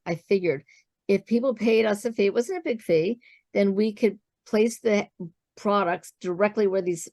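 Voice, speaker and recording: A woman guest in an interview, telling her own business story as an animated storyteller who acts out the dialogue she quotes. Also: mid-range voice, no room sound, studio quality.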